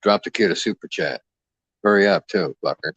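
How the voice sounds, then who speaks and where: A man's voice: low voice, brisk, a bit bright, slightly rough, no echo. A man hosting a livestream, trash-talking a caller in a brash, profane, mocking way. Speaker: livestream host. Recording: dull lo-fi dry mic sound.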